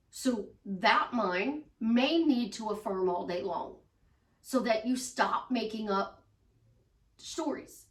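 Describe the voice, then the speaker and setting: Woman, life coach, casual monologue, emphatic, repeats herself, fairly high voice, echoey room. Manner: emphatic, repeats phrases, acts out inner voices. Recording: roomy echo, voice from a distance.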